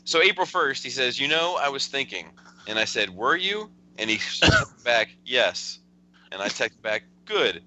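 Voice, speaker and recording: A man's voice: medium pitch, lively intonation, unhurried, sharp tone, rough recording. A man hosting a casual podcast, chuckling as he rambles through a friend's text messages. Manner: chuckling, rambling storyteller with restarts. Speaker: podcast host.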